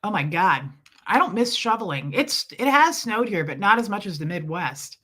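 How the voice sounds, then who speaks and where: Woman livestream host, hoarse from a cold, bright edge to the voice, chatty, greets viewers by name. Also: mid-range voice, very animated, moderate pace. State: hoarse from illness. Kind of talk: casual livestream chat.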